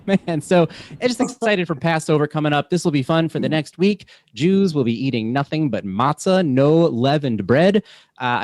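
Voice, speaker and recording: A man's voice: mid-range voice, darkish tone. A young adult man hosting a comedy show on a video call, upbeat and chuckling, with plenty of fillers. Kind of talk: stand-up emcee banter.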